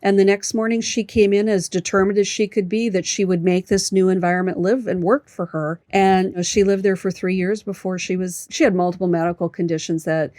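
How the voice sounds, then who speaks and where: A woman senior living consultant recounts family moves in a warm-hearted interview. She tells anecdotes with lively quoted dialogue. The sound is dry and close, with no room echo. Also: medium pitch, brisk, few pauses. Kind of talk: conversational interview storytelling.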